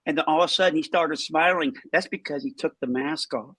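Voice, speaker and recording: A man hosts a casual chat, cutting in with chatty, encouraging interjections and telling anecdotes. His voice sits a little high, and it is recorded dry and close. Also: fairly quick, a bit bright, dry recording. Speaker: host.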